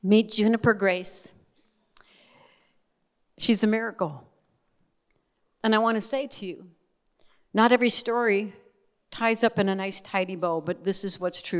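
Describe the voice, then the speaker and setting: A woman's voice: medium pitch, steady tone, measured pace, pauses often. A middle-aged woman giving a sermon, telling a family story with earnest, emotional emphasis that rises and falls. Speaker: speaker at a church service. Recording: long hall reverb.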